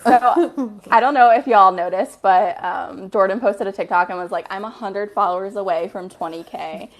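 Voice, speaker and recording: A woman's voice: mid-range voice, moderate pace. A woman co-hosting a podcast in casual chat, teasing and laughing often. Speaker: podcast co-host.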